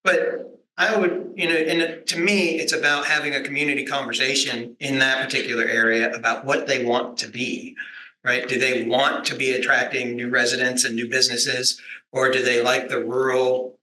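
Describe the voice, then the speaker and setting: A man's voice: medium pitch, flat delivery, normal speed, pushed and bright. A man on a conference panel explaining his program in a thoughtful, explanatory way. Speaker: extension program leader. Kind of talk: panel discussion. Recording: echoey conference room.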